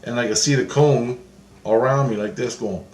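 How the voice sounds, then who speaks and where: A man's voice: mid-range voice, steady tone, normal speed, darkish tone, a little hiss or hum. Man rambling through a vision, echoey room. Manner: meandering, restarts often, repeats phrases. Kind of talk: rambling first-person account of a spiritual vision.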